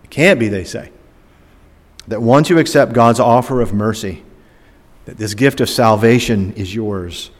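An older man preaching a sermon, rising emphatic and dropping to soft, slow phrase endings. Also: on the low side. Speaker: pastor. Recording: long hall reverb.

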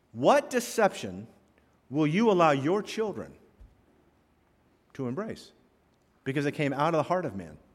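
A man preaching in a church sanctuary, his voice swinging up and down as he tells stories and drops punchy asides. The long reverb of a big hall trails after every line. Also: mid-range voice. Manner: animated storytelling with punchy asides. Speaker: pastor. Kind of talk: sermon.

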